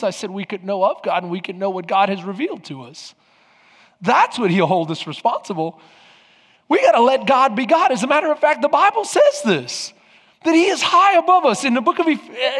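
A man with a very high voice delivers a sermon from the pulpit. He pushes the congregation with question after question. His voice carries a long reverb from the church hall. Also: sing-song, moderate pace, a bit bright. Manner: preaching with rhetorical questions to the congregation. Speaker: pastor. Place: church sanctuary.

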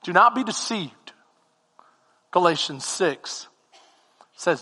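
Very high-voiced animated male preacher. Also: unhurried, in a large hall. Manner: animated, comic, bursts into shouting. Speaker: pastor. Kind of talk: humorous storytelling sermon.

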